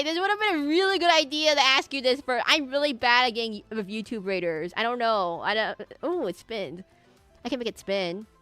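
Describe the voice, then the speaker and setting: A woman streams live while drawing viewer requests, chatting casually to her chat in a slightly high, fairly bright voice. She rambles and is amused at herself, and her tone is clear and resonant with no echo.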